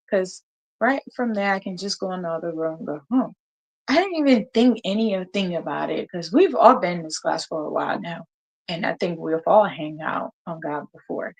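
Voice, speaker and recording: A woman's voice: lowish voice, low-quality recording. A woman in her thirties hosting a casual live chat, telling a story with laughter and acted-out quotes. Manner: animated, laughing, acts out quotes. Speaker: host.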